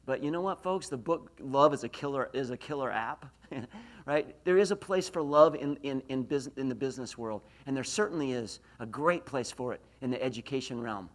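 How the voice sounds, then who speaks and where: A middle-aged motivational speaker from Idaho, USA, addresses a university audience at a moderate pace in a medium-pitched voice. He asks his listeners questions and tells stories that make fun of himself.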